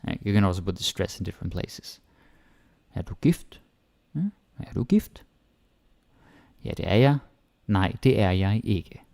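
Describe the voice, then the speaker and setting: A man from Denmark with a Danish accent teaches an online language lesson in a dark, mellow, gravelly voice. He talks slowly and casually, repeating short example phrases. The sound is close and dry. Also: on the low side, no room sound.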